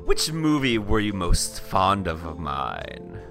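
A man's voice: low voice, very animated, slow, sharp tone, faint music behind, pitched below the performer's own voice, exaggerated voice. A man voicing a vain, aging female movie star who was once a child actor and now produces theater, theatrical and self-pitying.

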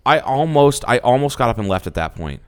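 A man's voice: mid-range voice, very animated, brisk, clear, resonant tone. A man co-hosting a podcast, casually telling a dating story, acting out quoted lines and laughing often. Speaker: podcast co-host.

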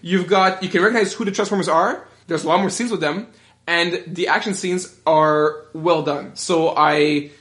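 A man co-hosting a podcast, arguing his opinions in an animated way with laughing asides. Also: a little high, moderate pace, reverberant. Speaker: podcast co-host. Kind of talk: casual chat.

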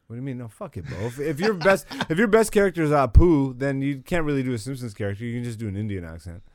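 A man's voice: medium pitch, lively intonation, fast talker, no room sound, clean studio sound. A man hosting a podcast in loose, profane chat, laughing a lot. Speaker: podcast host. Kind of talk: casual chat.

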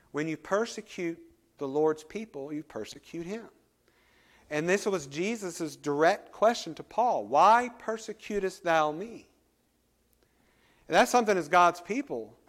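A man's voice: a little high, animated, unhurried, fairly bright tone. A man preaching a sermon as pastor, reading scripture aloud and explaining it with rising and falling emphasis.

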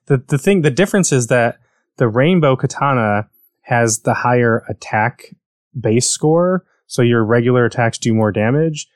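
A man's voice: medium pitch, expressive, normal speed, dry recording, studio quality. An American man chatting casually about video games, rambling and correcting himself as he goes. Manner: rambling, self-correcting, enthusiastic.

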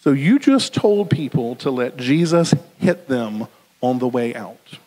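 A man preaching a sermon in a lively, conversational way, often checking in with "right?". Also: mid-range voice, measured pace. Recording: long hall reverb.

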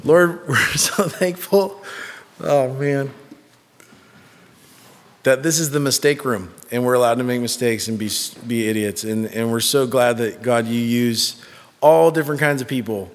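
Animated self-mocking preacher man. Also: mid-range voice, moderate pace. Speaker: pastor. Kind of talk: sermon with personal storytelling. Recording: reverberant hall.

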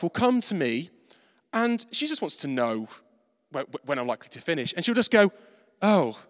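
A man preaching a sermon, animated and self-mocking, acting out the voices in his stories. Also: a little high. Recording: reverberant hall.

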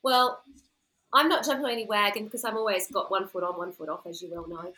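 A woman's voice: medium pitch, steady tone, fast, background noise. A woman co-hosting a podcast, bantering and teasing in casual chat. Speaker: podcast co-host.

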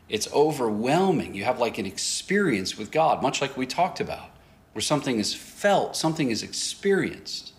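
A man pastor telling a story in a sermon, acting out both sides of a conversation and often laughing as he talks. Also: mid-range voice. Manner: animated storyteller, acts out dialogue, laughs often.

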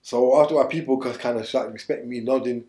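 A man tells his story at a rapid clip, his voice sitting in the middle range. He leans on street slang and circles back to the same points with urgency. The room around him is echoey. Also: mid-range voice, fairly even intonation, mellow. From England. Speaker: interview guest. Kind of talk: candid storytelling.

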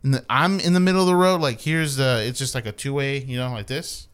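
A man's voice: medium pitch, brisk, clear, resonant tone. A young man telling a profane story in casual chat, acting out the quoted lines. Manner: animated, swears a lot, acts out quotes.

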